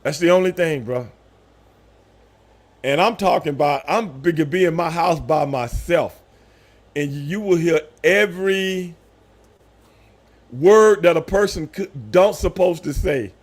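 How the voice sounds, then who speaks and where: A man in his fifties chatting casually on a live stream, telling animated stories with loud voiced outbursts. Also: on the high side. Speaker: streamer host.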